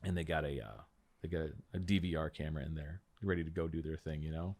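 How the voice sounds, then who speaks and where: A man with a very low voice talks quickly and freely, a guest on a podcast in a small room. His stories are animated, and he slips into other people's voices to act out what they said. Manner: animated, acts out other people's lines in the story. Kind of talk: casual storytelling chat.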